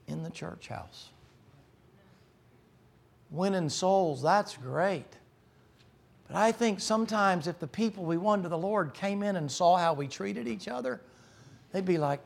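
A middle-aged man preaches from the pulpit in a folksy, plain-spoken way. He cracks jokes with the congregation, then climbs into loud, shouting stretches. His voice sits a little higher than most men's. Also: unhurried, gravelly, long pauses. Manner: folksy, joking preacher rising to shouting peaks. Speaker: pastor. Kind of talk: sermon.

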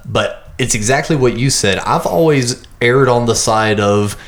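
A man co-hosting a podcast in relaxed casual chat, occasionally swearing. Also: medium pitch, measured pace. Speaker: podcast guest co-host.

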